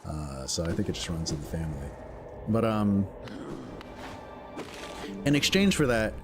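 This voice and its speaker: A man's voice: big pitch swings, unhurried. Young guy chattering over game music, voice bouncing all over, laughs a lot, says like constantly. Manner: rambling, chatty, laughs often, full of filler words; jumps into high squeaky voices when quoting others. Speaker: streamer. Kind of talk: casual gameplay commentary.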